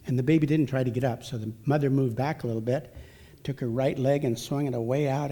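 A man's voice: mid-range voice, steady tone, fast talker, warm tone. A man speaking at a church family event, telling a humorous, self-deprecating story and drawing a scriptural lesson from it in a folksy, chatty way.

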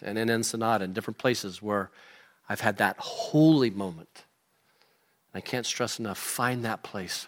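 A man preaching a sermon to his congregation in a lively, animated way, acting out the people in the scripture. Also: mid-range voice. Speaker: pastor. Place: church sanctuary.

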